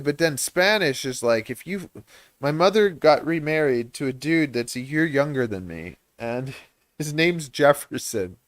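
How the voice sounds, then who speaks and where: A man's voice: fairly high pitch, no room sound. A man hosting a livestream, chatting in a rambling, self-deprecating way and laughing often. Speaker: livestream host and reptile breeder.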